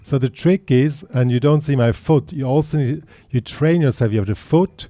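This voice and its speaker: A man teaching guitar, explaining in halting bursts with restarts, counting beats aloud as he plays and checking in with the listener. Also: medium pitch, no echo. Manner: checks in with the listener after points. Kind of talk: guitar tutorial. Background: loud guitar playing.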